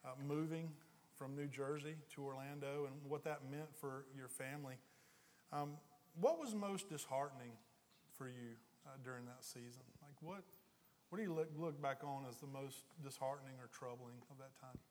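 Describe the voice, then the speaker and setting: A man, a pastor, joking lightly and then gently asking a couple questions before an audience. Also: mid-range voice, normal speed. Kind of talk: live interview. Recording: echoey hall with long reverb.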